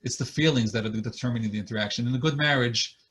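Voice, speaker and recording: A man's voice: medium pitch, quick pace, fairly bright tone. A man, a marriage therapist, giving an earnest online lecture over a video call and explaining his points through acted examples.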